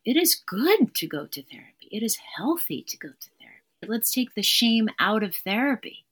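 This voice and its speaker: A woman's voice: on the high side, very animated, normal speed, breathy edge. A woman therapist, a podcast guest, talking in an earnest, emphatic way and repeating her key phrases. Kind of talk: conversational interview.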